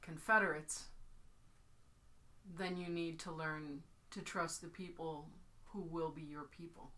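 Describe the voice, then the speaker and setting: A woman taking part in a tabletop fantasy game who speaks in character with earnest persuasion. Her voice sits very low for a woman but has a bright, clear edge. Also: fairly even intonation, a little slow. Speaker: player. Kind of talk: in-character roleplay.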